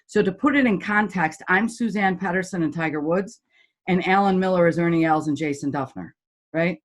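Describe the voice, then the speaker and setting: Blunt, lively middle-aged woman storyteller. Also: lowish voice, fairly quick. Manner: blunt, lively storyteller who acts out quoted voices. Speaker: golf teaching pro and motivational speaker. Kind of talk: storytelling in a podcast interview.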